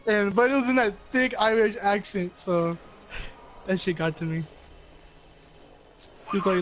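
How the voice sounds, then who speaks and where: A man's voice: sits high, steady tone, normal speed, pauses often, noisy background. A young man streaming a game, chatting casually in a crude, rambling, joking way on a headset mic. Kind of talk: casual chat while gaming.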